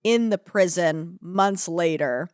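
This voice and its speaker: A woman's voice: fairly low pitch, smooth, no room sound, studio quality. A young woman co-hosting a comedy podcast, recapping a story in casual, swearing chat and acting out lines. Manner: swearing, animated, acts out characters in quick voices. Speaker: podcast co-host.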